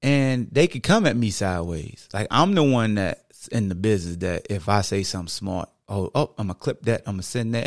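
A male podcast host talks straight into his microphone in a relaxed, conversational way. His voice sits low and gravelly. He often breaks into the voices of fans as he quotes them, and the sound is close and dry. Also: normal speed, few pauses, no room sound. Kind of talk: casual podcast talk.

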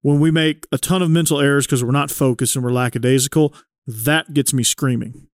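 A man's voice: mid-range voice, steady tone, a little fast, dry recording, clean studio sound. A man hosting a casual chat, explaining things at length with many fillers.

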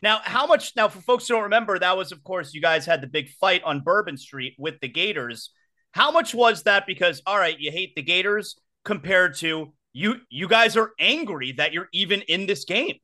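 A man hosting a sports talk show, firing quick, pointed questions at his guest. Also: sits high, animated, sharp tone.

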